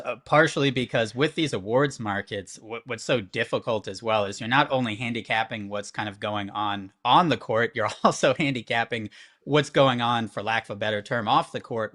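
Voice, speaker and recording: A man's voice: mid-range voice, fairly bright tone. A man working as a sports betting analyst, explaining at length and thinking aloud, often checking in with "right?". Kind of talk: conversational analysis.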